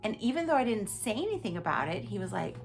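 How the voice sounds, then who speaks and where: A woman hosting a podcast, telling a personal story in an animated, emphatic way and talking straight to her listeners. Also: medium pitch, fast talker, creaky, soft background music. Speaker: podcast host.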